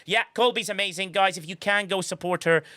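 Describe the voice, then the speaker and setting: A man hosting a casual live-stream chat, effusive and quick to laugh. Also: sits high, bright, forceful tone, no room sound. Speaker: podcast host.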